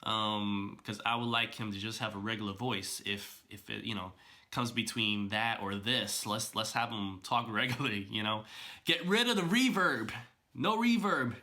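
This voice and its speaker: A man giving casual, animated reaction commentary as a video blogger, chatty and full of fillers and restarts. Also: on the low side, moderate pace.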